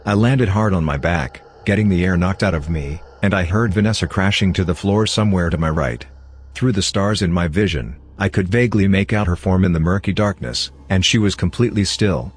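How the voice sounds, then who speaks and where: A man reading a first-person horror story aloud in a grave, measured way. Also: low voice, breathy edge. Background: faint background music.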